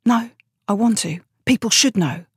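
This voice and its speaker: A woman's voice: fairly high pitch, normal speed, slightly rough, no room sound, clean studio sound, voice pushed up. A woman voicing a shaken, weary young male private in an audiobook, talking earnestly and with some hesitation.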